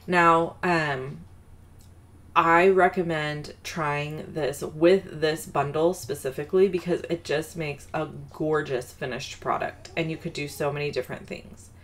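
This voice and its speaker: Casual low-voiced woman host, talks through her crafting while telling family stories. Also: fairly even intonation, measured pace, fairly bright tone. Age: adult mother of a daughter. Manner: rambling and self-deprecating, with fillers and asides. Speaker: card-making video host. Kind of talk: chatty crafting tutorial with personal story.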